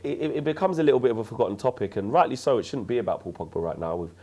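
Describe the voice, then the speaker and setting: A man hosting a casual football chat, relaxed and thinking aloud with frequent restarts. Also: medium pitch, rapid-fire. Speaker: host.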